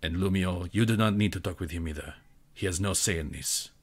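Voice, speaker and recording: A man's voice: sits low, a little fast. A man voicing a determined female warrior who speaks bluntly and defiantly. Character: angry, determined female warrior seeking vengeance.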